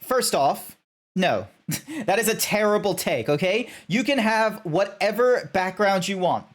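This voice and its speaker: A man streaming live, rambling casually with lots of fillers and swearing. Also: a little high.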